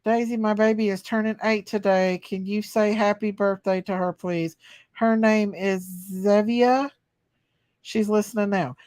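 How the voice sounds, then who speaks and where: A woman's voice: medium pitch, steady tone, measured pace, a little mellow, no echo. A woman hosting a casual livestream, chatting folksy with viewers and singing to them. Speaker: livestream host reading chat. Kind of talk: casual live chat.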